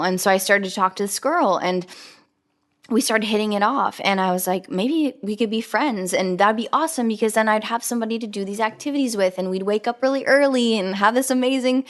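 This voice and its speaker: Her voice sits in the mid range and leans a little bright as she hosts her podcast by herself. The young woman keeps things conversational and earnest, dropping in many fillers and quoted remarks.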